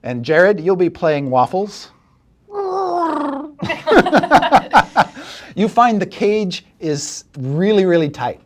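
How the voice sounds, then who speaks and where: A man narrating a tabletop game as dungeon master, describing scenes with animated energy. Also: high-pitched, extremely slow, long pauses.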